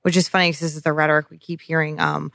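A young woman co-hosting a podcast, rambling excitedly and swearing as she talks about a TV episode. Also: deep voice, very fast, gravelly, dry recording, studio quality. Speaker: podcast co-host. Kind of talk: casual podcast chat recapping a TV episode.

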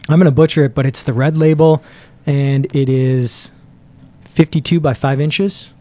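An excitable man chatting casually as a podcast co-host, his voice sitting a little higher than most men's. He often trails off mid-sentence while reaching for a word. The sound is dry and close, with no room around it. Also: normal speed, no room sound. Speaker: podcast co-host reviewing cigars. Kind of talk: casual chat.

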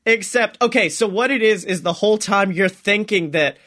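A man's voice: high-pitched, normal speed, bright, forceful tone. A young man co-hosting a podcast in casual comedic chat, rambling, swearing and acting out little voices as he spins a story. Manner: rambling, swears a lot, acts out voices in quotes. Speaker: podcast co-host.

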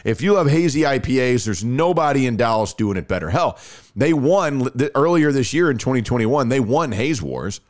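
A man hosting a podcast in a casual, chatty way, at an ordinary middle pitch. He tells stories and gushes with excitement when he reads ads. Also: moderate pace. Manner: excitable, gushing, chatty storyteller. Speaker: podcast host. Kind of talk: casual chat and ad read.

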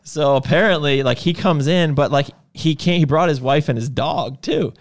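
A man's voice: on the high side, moderate pace. A man chatting casually, telling a loose story full of fillers. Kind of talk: casual chat.

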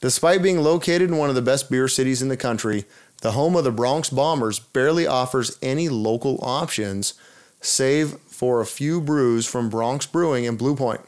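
A man's voice: medium pitch, normal speed, a little mellow, clear, resonant tone. A man co-hosting a casual podcast, laid-back and rambling. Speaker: podcast co-host.

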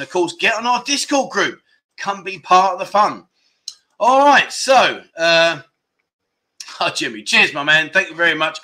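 A man's voice: a little high, sharp tone. A man in his fifties hosting a casual livestream chat show, rambling and joking as he reads out viewer comments. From United Kingdom. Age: 50s. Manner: chatty, jokey, rambling with lots of asides. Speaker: livestream host.

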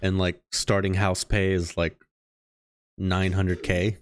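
A man's voice: sits low, level tone, slow, clean tone, no room sound. A young man co-hosting a podcast in casual chat, slangy and spinning wild ideas. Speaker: podcast co-host.

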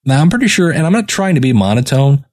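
A man hosts a podcast review show, offering casual spoken feedback full of fillers and deliberately stressing certain words. His voice is medium-pitched with a darkish tone and a sing-song quality.

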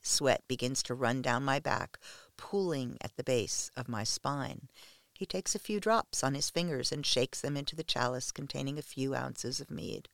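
A man reading a first-person story aloud in a slow, hushed, measured way. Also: medium pitch, creaky, clear, resonant tone, no echo, clean studio sound.

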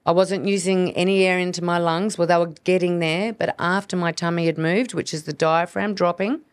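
A woman's voice: lowish voice, steady tone, normal speed, dry recording, clean studio sound. A woman hosting an educational podcast, talking earnestly in a coaching manner and acting out inner voices. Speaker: podcast host, hormone practitioner. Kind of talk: solo educational podcast talk.

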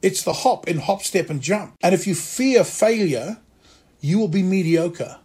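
A male actor and acting teacher telling stories from his career in a lively way, acting out the voices of people he quotes. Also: sits high, measured pace, slightly rough. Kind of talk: conversational storytelling interview.

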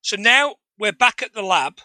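A man with a high, very bright voice talks through a film scene by scene in casual podcast chat. He is animated and jokey and breaks into laughter often. The sound is dry and close. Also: moderate pace, dry recording, low-quality recording. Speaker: podcast co-host.

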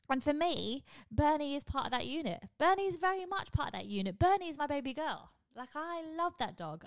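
A young woman, a comedian hosting a podcast, ranting in a casual, animated and sweary monologue. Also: medium pitch, no room sound.

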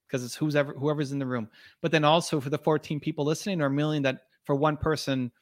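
A man's voice: a little high, a bit bright, no echo, clean studio sound. A man speaking as a podcast guest in an earnest, motivational way, with frequent restarts and fillers. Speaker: podcast guest, video creator. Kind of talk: conversational interview.

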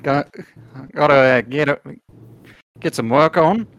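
A man's voice: fairly high pitch, a little slow, dull audio, voice pushed up, close to an everyday voice. A man voicing a laid-back male koala who runs a smut shop, speaking in an Australian accent with a sly, slangy salesman's manner. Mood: chummy. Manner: slangy, sly salesman, calls everyone mate.

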